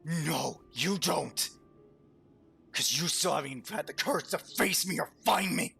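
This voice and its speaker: Man doing an angry shouting brother, gravelly, bright, music faint behind. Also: mid-range voice, unhurried, exaggerated voice. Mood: accusing. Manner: shouting, accusing. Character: bitter angry brother, young man, accusing.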